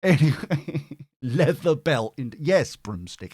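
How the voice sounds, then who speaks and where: A man's voice: mid-range voice, sing-song, moderate pace, a little mellow, no room sound, studio quality. A man hosting a tarot livestream, bantering playfully with his chat.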